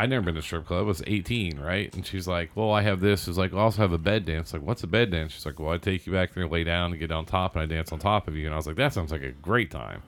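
A man from Southern Indiana telling a rambling personal story in casual podcast chat. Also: sits low. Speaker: guest storyteller.

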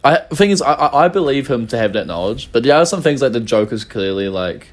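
A man's voice: medium pitch, fast. Laughing young New man, rambling. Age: young adult. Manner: laughs often, rambling and animated. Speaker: podcast co-host. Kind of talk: casual chat.

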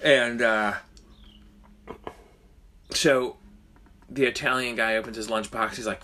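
A man's voice: mid-range voice, takes it slowly, pauses often. A man co-hosting a podcast, casually telling a long joke with lots of swearing. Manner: profane, animated storyteller. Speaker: podcast co-host.

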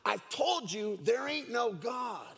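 A man voicing a gruff atheist neighbor who taunts and shouts. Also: extremely high pitch, sing-song, slow pace, voice pushed up, heavily acted. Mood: taunting. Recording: echoey hall.

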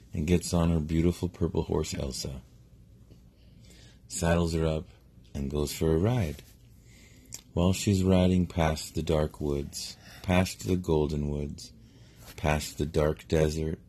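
A middle-aged man improvising a bedtime story, unhurried and meandering, often stopping to correct himself. His voice sits very low and gravelly, with a dark, husky tone. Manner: relaxed, meandering, self-correcting. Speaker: parent telling a bedtime story.

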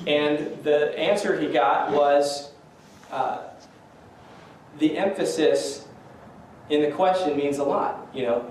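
A man's voice: on the high side, steady tone, measured pace, a little hiss or hum. A man preaching a conversational sermon in a church, easygoing and self-deprecating, with chuckles. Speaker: pastor. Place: church sanctuary. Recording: echoey church room from a distance.

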